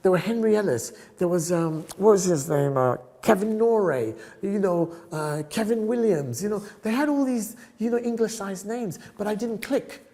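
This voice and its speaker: An older man from South Africa, a photographer telling stories as a podcast guest, lively and often laughing. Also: high voice, normal speed, few pauses. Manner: animated, acts out other people's voices, laughs often. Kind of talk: storytelling podcast interview.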